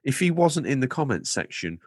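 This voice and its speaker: A man's voice: medium pitch, very animated, a little fast, slightly rough, no room sound, studio quality. A man co-hosting a podcast in casual chat, playful and rambling, drifting into absurd jokes. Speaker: podcast co-host.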